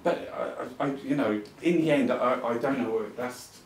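A man's voice: mid-range voice, moderate pace, slight background noise. Impassioned rambling man at a talk. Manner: rambling and impassioned, with frequent restarts and swearing. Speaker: artist giving a talk. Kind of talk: informal talk to an audience. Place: arts club venue, talking to a live audience. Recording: roomy venue sound, mic at a distance.

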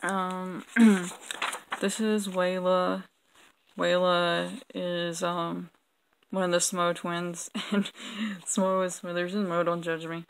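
A young woman vlogs casually while reviewing her old drawings, rambling, mocking herself and saying "um" a lot. Her voice is lowish, slow and fairly flat, with vocal fry and lip-smacking from a sore throat. The audio is poor, with a little hiss or hum.

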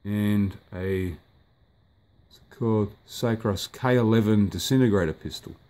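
A man's voice: fairly low pitch, a little slow, mellow. A man casually reviewing a collectible figure, rambling offhand with fillers and the odd curse, filmed indoors by a sunny window. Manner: rambling, offhand, swears at the sunlight.

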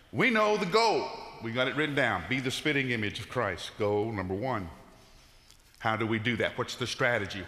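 Casting: middle-aged male pastor, bright and forceful tone, folksy sermon storyteller, reverberant church hall. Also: medium pitch. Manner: folksy storytelling with frequent "uh" fillers. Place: church sanctuary.

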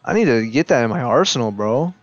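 A young man commenting casually on basketball highlights, hyped and profane, talking straight to the players on screen. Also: animated, fast talker, dull audio. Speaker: YouTube highlight reactor.

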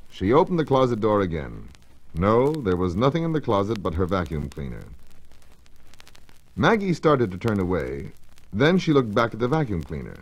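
A man narrating children's stories on a storybook record, in an expressive, measured storytelling manner. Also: fairly low pitch, rough recording.

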